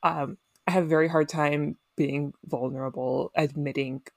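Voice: medium pitch, steady tone, normal speed, creaky, dry recording, studio quality. A young person on a group podcast, talking candidly with frequent laughs and casual swearing. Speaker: podcast co-host.

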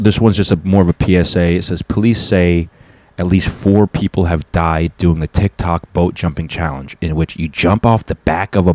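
Deep-voiced man, loose profane podcast chat. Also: a little mellow, no echo. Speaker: podcast host and stand-up comic. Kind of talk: casual solo podcast chat. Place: home apartment.

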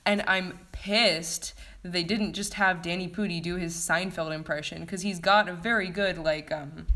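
A woman's voice: fairly low pitch, moderate pace, pushed and bright. A woman giving a casual spoken review of TV episodes, rambling and filling her talk with "like" and "um". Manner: rambling, heavy use of "like" and "um". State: sleepy.

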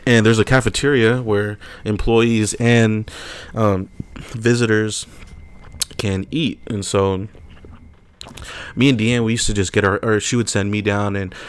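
A man's voice: lowish voice, unhurried, clear, resonant tone. A young man, telling a story in a casual podcast chat and acting out the quotes. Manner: animated storyteller, acts out quotes loudly. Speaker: podcast co-host.

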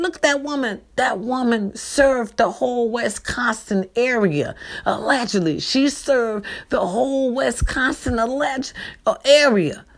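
A woman with a Black voice pleads straight to camera, emotional and insistent. She repeats her appeals over and over, dropping low and hushed, then rising high and loud. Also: unhurried. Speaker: granddaughter making a public appeal.

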